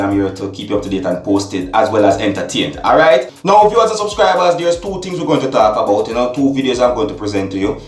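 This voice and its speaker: A man's voice: medium pitch, far from the mic. A man hosting a vlog in casual, chatty commentary that keeps addressing the viewers. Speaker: vlog host. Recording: echoey room with music behind.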